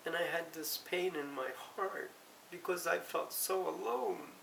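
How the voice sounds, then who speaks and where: A middle-aged woman giving a halting, emotional personal confession, close to tears and often correcting herself. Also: fairly low pitch, gravelly, a bit bright. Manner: halting, tearful, self-correcting. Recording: roomy, distant mic, faint hiss.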